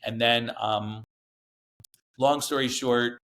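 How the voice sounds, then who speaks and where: A man's voice: mid-range voice, fairly even intonation, takes it slowly, a bit bright. A man, a podcast guest, telling a personal story in a casual, earnest way, with lots of fillers and restarts.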